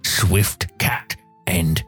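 A man's voice: sits low, very slow, fairly bright tone, breathy edge, faint music behind, exaggerated voice. A man playing a teasing orc pit guard. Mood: mocking. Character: burly male orc pit guard, jokey and sly.

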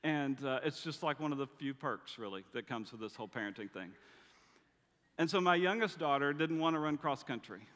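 A man's voice: medium pitch, expressive, a little fast, a bit bright. A middle-aged man preaching a sermon, telling family stories with dry humor in a conversational way. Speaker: pastor. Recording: long reverb of a large hall.

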